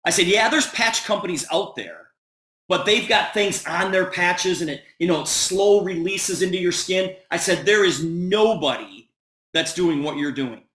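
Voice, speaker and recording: A man giving a sales presentation on a video call, telling an animated story and quoting the dialogue. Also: high voice, moderate pace, roomy sound.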